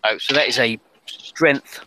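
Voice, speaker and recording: A man narrating as game master of a tabletop game, describing scenes hesitantly with many pauses and restarts. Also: medium pitch, noisy background.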